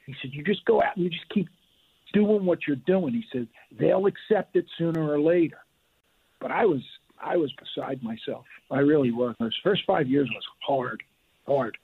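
Gravelly older man on a phone line. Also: fairly high pitch, moderate pace. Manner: animated, restarts and repeats words. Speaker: guest, retired referee. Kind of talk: phone interview storytelling.

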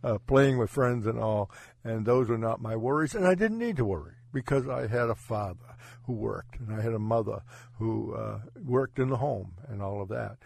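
A man who is a pastor, telling his faith story in an earnest, halting way with frequent restarts. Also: lowish voice, lively intonation, vocal fry, a little mellow, dry recording. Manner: halting, self-correcting, earnest. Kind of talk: personal testimony in conversation.

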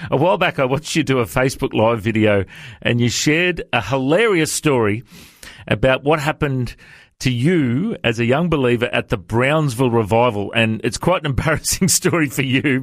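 Man, radio host, mid pitch, dry close sound, chuckling. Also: fairly quick, a bit bright, dry recording. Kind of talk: casual interview.

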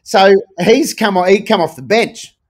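A man with an Australian accent, a podcast co-host chatting casually and telling animated sports stories. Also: high voice, unhurried, slight background noise. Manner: animated storyteller, sings chant snippets. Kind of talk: casual chat.

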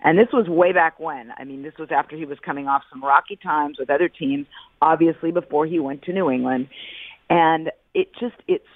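A woman's voice: low voice, no echo. Middle-aged woman analyst on a phone line. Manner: deliberate, emphatic, repeats key words. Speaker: football analyst, radio guest. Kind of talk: sports radio phone interview.

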